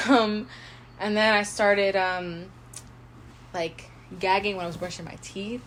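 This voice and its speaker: A young woman in her twenties tells a personal story on a podcast, chatting loosely with lots of "like" and acted-out inner thoughts. Her voice sits at an ordinary middle pitch, with a faint hiss of noise behind her. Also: takes it slowly. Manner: chatty, heavy use of "like", animated retelling with quoted inner thoughts. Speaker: podcast co-host. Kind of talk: casual storytelling chat.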